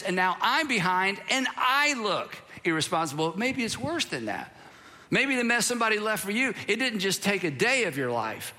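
High, bright-voiced pastor preaching in a hall. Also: male voice. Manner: conversational, self-deprecating, emphatic repetition. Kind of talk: sermon. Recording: long hall reverb.

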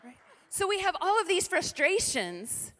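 A middle-aged woman pastor preaching a lively sermon with call-and-response to the congregation. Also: very high voice, a little slow. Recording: reverberant hall.

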